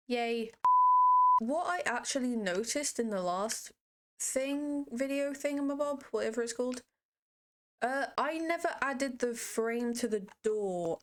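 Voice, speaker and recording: A woman's voice: a little high, a bit bright, a little hiss or hum. A young woman narrating a game building tutorial in a playful, rambling way, full of self-mocking asides. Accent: puts on a mock accent at times. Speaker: Minecraft build tutorial creator. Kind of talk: casual screen-recorded game tutorial.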